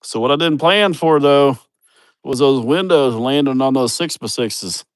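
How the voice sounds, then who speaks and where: A man's voice: medium pitch, measured pace, smooth, dry recording. A man chatting on a casual livestream outdoors, rambling, swearing and laughing at his own stories. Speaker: vlogger showing a building project. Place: outdoors at a building site.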